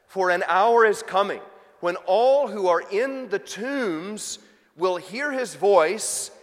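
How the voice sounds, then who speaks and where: A man preaching a sermon with emphatic, impassioned delivery, slowing and rising as he dramatizes pleading voices. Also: high-pitched, expressive. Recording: hall reverb.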